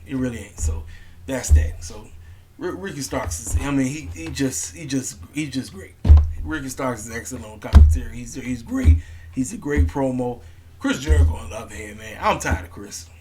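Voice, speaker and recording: A man's voice: mid-range voice, unhurried, pauses often, music in the background. A man giving a casual, opinionated rant as a wrestling vlogger, blunt and repetitive with plenty of slang.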